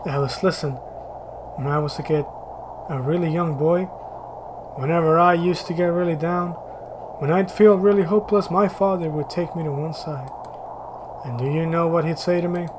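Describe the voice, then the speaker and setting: A man reading the lines of an earnest, reassuring young male survivor aloud from a game, in a low-key voice. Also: fairly even intonation, normal speed, pauses often, background noise, lightly acted.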